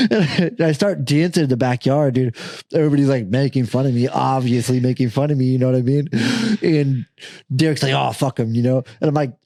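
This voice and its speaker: A young man hosting a podcast, telling a party story casually, swearing constantly, laughing through it and jumping to a high voice to quote people. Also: fairly quick, faint music behind. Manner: profane, laughing, animated storytelling; jumps to a high voice when quoting others. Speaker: podcast host.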